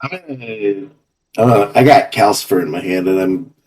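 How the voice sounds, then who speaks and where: A man with a fairly low voice playing a tabletop game. He describes what his character does in a loose, joking way, now and then restarting his sentences. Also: rough recording. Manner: relaxed, joking, slightly halting. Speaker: player. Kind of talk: casual tabletop game play.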